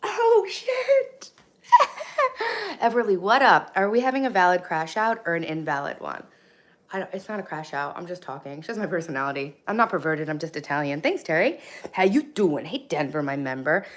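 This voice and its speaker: A woman's voice: low-pitched, expressive, brisk. Chatty hungover woman streaming from home. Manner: chatty, blunt, swings between loud and soft, reacts to chat. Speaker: live stream host. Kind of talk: casual live-stream chat reading comments. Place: home kitchen.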